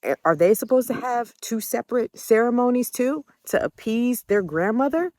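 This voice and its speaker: A woman's voice: fairly high pitch, lively intonation, moderate pace, darkish tone, no echo. Blunt, emotional woman, dry sound. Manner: emotional, blunt, swears freely. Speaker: adult child recounting family conflict. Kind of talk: candid personal storytelling.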